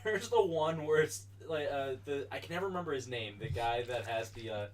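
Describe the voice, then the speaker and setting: A man's voice: mid-range voice, lively intonation. A man in casual podcast chat, teasing and correcting his friends. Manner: teasing, quick to correct and mock. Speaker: podcast co-host. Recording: distant, faintly noisy mic.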